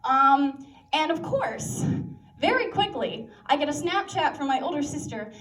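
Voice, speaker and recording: A woman's voice: high voice, expressive, a little slow, fairly bright tone. A young woman performing a chatty, self-mocking stand-up set on a campus coffee house stage, full of fillers and laughter. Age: young adult. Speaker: stand-up comic. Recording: echoey room, heard from a distance.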